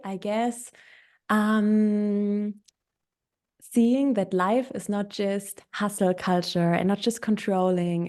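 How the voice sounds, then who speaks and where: A woman's voice: mid-range voice, dark tone. A woman with a German accent, a native German speaker, hosting a coaching podcast interview. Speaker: podcast host. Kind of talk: casual interview.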